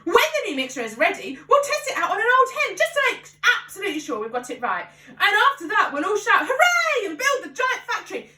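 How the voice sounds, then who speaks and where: A woman voicing an overexcited, boastful father who shouts and gushes. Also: extremely high pitch, wildly swooping pitch, a little fast, hardly any pauses, voice pushed up, full character voice. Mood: eager. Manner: shouting, gushing. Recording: echoey room, voice from a distance.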